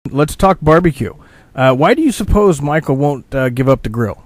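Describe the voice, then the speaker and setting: A man's voice: on the high side, expressive, normal speed, no room sound. Guy hosting a radio chat, kinda rambly, dead dry close sound. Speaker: radio interviewer. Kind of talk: casual radio interview.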